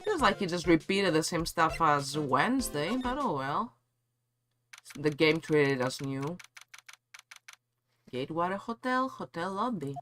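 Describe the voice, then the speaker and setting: A man's voice: a little high, very animated, measured pace, a bit bright. A man streaming a game, making chatty, self-deprecating asides between the game's lines. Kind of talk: casual gaming commentary. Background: faint game music.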